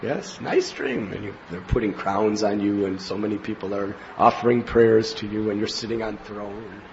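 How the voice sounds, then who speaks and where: A man giving a devotional spiritual talk as a teacher, telling anecdotes in an animated way and acting out scenes. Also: lowish voice, normal speed, a little hiss or hum. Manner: animated storyteller, acts out scenes with laughs and cries. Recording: slightly muffled lo-fi recording with faint ambience.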